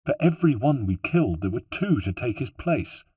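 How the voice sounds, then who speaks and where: A man narrating an audiobook in a measured, somber first-person storytelling manner, with a husky voice. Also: medium pitch, big pitch swings, a little mellow, dry recording. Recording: dry, distant mic.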